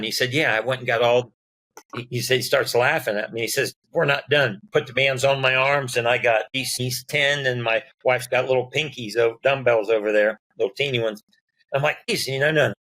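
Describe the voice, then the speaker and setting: A man, a doctor guest on a podcast, talking casually and telling animated stories that act out the dialogue. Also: mid-range voice, low-quality recording. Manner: animated storyteller acting out dialogue.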